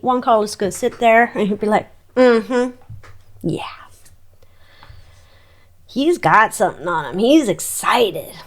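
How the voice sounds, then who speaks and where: A woman giving a casual psychic tarot reading, chatty and exclamatory, talking to her cards as she turns them. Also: on the high side. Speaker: tarot reader.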